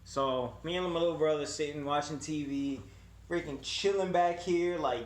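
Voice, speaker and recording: A man's voice: a little high, normal speed. Young man telling a wild story. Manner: animated, swearing, acts out quotes. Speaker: vlogger. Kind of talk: casual storytelling.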